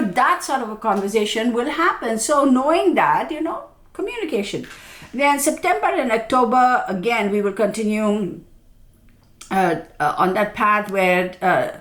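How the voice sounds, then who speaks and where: A woman astrologer giving a casual yearly forecast, chatty and self-mocking, often checking in with her viewers. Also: on the high side. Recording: echoey room.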